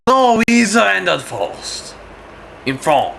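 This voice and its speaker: A man voicing a haughty male French commander with slow, drawn-out words. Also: mid-range voice, animated, fairly bright tone, slight background noise. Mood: insistent.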